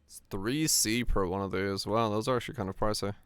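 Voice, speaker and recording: A man's voice: on the low side, a little fast, fairly bright tone, clear, resonant tone, no echo. A man casually commenting while he plays a game on stream, rambling and answering chat questions as he goes.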